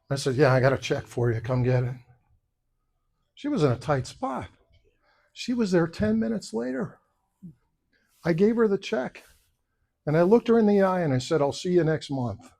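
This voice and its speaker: A man's voice: a little high, warm tone. A man running for office, giving a campaign speech at a luncheon and telling personal stories, acting out the other people's lines as he quotes them. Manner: storytelling, acting out quoted voices. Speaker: political candidate. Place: luncheon event room.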